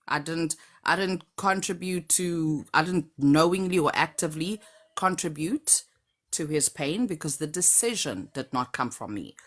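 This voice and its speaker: A middle-aged woman calling in to a live stream, telling a personal story in a measured, reflective way. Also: low-pitched. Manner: measured, reflective, lively when joking.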